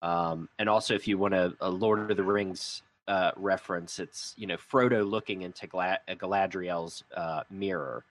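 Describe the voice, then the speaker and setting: Low-pitched male co-host; thoughtful, analytical chat. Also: steady tone, normal speed, few pauses. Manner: reflective, builds long comparisons. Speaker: podcast co-host. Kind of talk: casual discussion.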